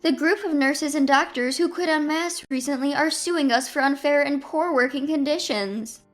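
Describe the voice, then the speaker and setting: A woman's voice: sits high, normal speed, soft background music, voice pushed up, close to an everyday voice. A woman voicing an anxious woman at a hospital who speaks urgently and scolds in a storybook drama.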